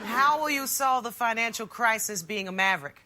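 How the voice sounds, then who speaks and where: Formal debate moderator. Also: female voice, on the high side, animated, sharp tone. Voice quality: formal, measured. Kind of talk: sketch comedy debate parody.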